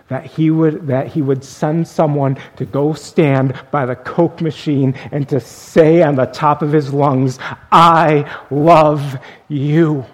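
Slow, earnest preacher man. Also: fairly high pitch. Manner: earnest, swings from emphatic to hushed. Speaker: pastor. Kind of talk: sermon storytelling.

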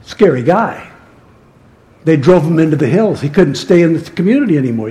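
A man's voice: a little high, big pitch swings, fairly quick, mellow. A male pastor preaching a sermon in a conversational storytelling manner that turns emphatic.

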